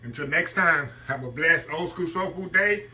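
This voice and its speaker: A man's voice: a little high, moderate pace, pushed and bright. A man hosting a casual cooking vlog, talking to viewers in a folksy, repetitive way and humming as he tastes the food. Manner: folksy, repeats "y'all" and "look at that", hums while eating. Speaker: cooking channel host.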